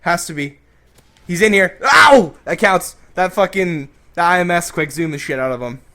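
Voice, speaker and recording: Brash, crude-joking man host, higher voice. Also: moderate pace, fairly bright tone. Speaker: YouTube host. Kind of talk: comedic advice vlog and gameplay commentary.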